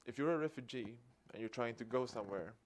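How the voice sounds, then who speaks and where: A man's voice: medium pitch, fast, slight background noise. Swedish man telling a story. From Sweden. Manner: lively storyteller acting out dialogue with a chuckle. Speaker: activist speaker. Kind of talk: public talk.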